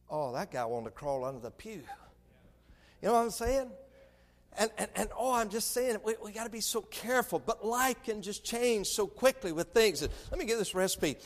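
A man's voice: high voice, expressive, normal speed, a bit bright, long reverb tail. A man preaching a sermon, telling folksy stories with stammered restarts.

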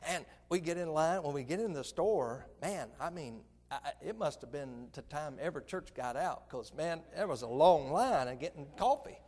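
Man, preacher, animated storyteller, fairly high voice, long echo of a hall. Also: moderate pace, few pauses. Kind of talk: sermon story.

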